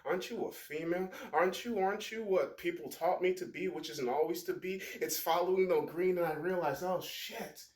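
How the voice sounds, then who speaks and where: A young man talking to camera in a rambling, emotional monologue that swings into loud outbursts. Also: sits high, a little fast, hardly any pauses. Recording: echoey room.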